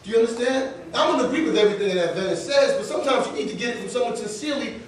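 A man's voice: very high-pitched, racing. A male pastor preaching a sermon, telling a personal story with laughter and acting out the dialogue. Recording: echoey room, voice from far off the mic.

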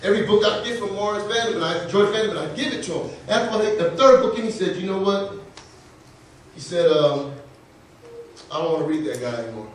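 Preaching a sermon, a man shares a personal story full of laughter and acted-out dialogue, speaking fairly quickly in a high voice. The echoey recording places him far from the mic, with slight hiss or hum.

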